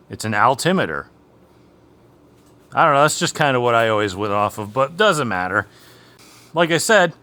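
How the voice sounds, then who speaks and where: A man's voice: medium pitch, fairly bright tone, no echo. Chatty man rambling in his garage. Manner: chatty, rambling, amused storytelling. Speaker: garage vlog host. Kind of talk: casual chat while working on a race car. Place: home garage.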